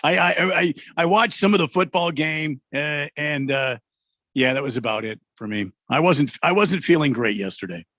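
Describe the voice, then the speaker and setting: A man's voice: fairly high pitch, lively intonation, moderate pace, fairly bright tone, no room sound, studio quality. A man co-hosting a sports radio show, talking in a loose, jokey way with plenty of fillers. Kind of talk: casual sports radio banter. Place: radio studio.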